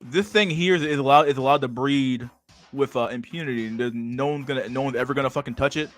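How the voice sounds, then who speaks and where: Man, livestream host, casual meme chat, rambling, swears a lot, medium pitch, faint background music. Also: fast talker, no echo.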